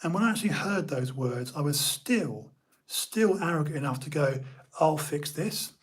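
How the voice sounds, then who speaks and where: A man's voice: a little high, expressive, normal speed, breathy edge. A man talking as a podcast guest, telling a personal story earnestly and casually, often repeating himself and calling the host "brother".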